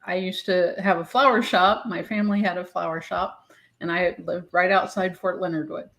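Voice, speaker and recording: A woman guest in a casual chat, telling animated anecdotes and mimicking the people in them. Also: fairly low pitch, moderate pace.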